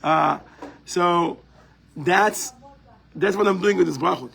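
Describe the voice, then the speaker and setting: A man's voice: high voice, takes it slowly, gravelly, a bit bright, husky, low-quality recording. A man teaching a live class in a community center, explaining step by step and often checking in with "right?".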